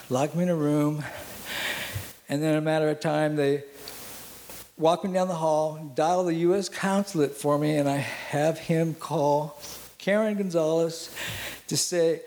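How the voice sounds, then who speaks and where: A man telling a personal story in an animated, self-mocking way, acting out the dialogue. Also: on the high side, unhurried, pauses often, slight background noise.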